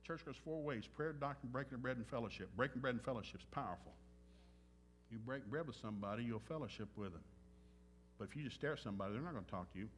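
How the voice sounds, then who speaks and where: Speaking fast and expressively in a mid-range voice, a pastor gives a church sermon built around acted-out anecdotes, with a slight hiss or hum audible. He's blunt and jokey, performing bits of dialogue in other voices.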